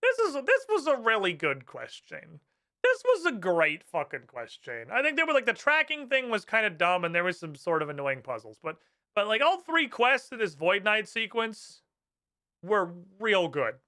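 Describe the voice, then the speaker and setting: A man's voice: sits high, wildly swooping pitch, normal speed, bright, forceful tone. A man streaming a game, giving casual commentary full of heated, swearing rants.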